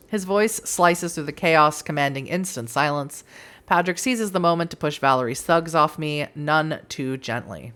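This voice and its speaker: A woman's voice: sits low, moderate pace. A woman hosting a let's play, reading the game's story aloud expressively with casual, swearing commentary. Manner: expressive, swears freely, laughs at the game.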